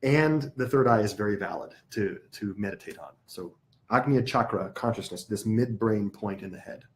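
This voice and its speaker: A man teaching a live yoga class, explaining in an unhurried way and stopping now and then to correct himself. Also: fairly low pitch, lively intonation.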